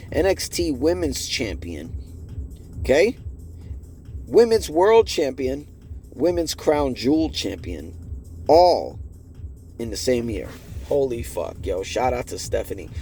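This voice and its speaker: A man hosting a podcast, reviewing wrestling results in an excited, swearing, chatty way. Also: medium pitch. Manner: excited, profane, talks to listeners directly. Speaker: podcast host.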